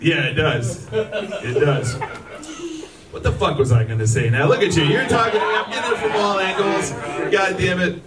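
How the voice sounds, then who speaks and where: A man's voice: high voice, animated, fast, over loud music. A young man doing a stand-up set, joking and indignant and swearing freely, in a lodge hall with a live audience laughing. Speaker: stand-up comedian. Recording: roomy hall, mic from far off, audience laughing.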